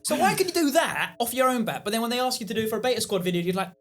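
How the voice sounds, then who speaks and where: A man co-hosts a casual podcast, ribbing his guest with jokes. His voice is high and very animated, and he laughs often as he talks. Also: racing. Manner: teasing, jokey, laughs often. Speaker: podcast co-host. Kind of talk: casual chat.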